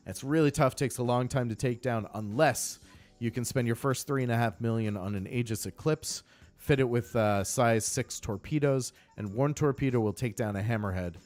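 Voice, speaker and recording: A man's voice: medium pitch, normal speed, darkish tone, soft background music. Upbeat chatty male game streamer. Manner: upbeat, chatty, greets viewers by name. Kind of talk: casual live-stream chat.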